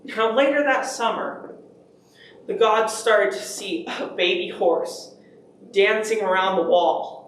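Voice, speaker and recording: A man performing a myth on stage in an animated way. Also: high-pitched, slow pace, a little hiss or hum. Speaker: storyteller. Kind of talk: oral storytelling performance. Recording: echoey room from far off.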